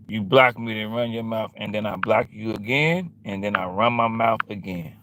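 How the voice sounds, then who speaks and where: Bright-voiced man ranting on a livestream. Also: on the low side, normal speed, no room sound. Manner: confrontational, repetitive and slangy. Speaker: livestream host. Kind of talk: livestream rant to chat.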